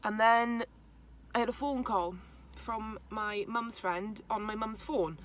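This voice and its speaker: A young woman, haltingly retelling a personal story to camera, with many restarts. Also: a little high, fairly bright tone. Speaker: vlogger.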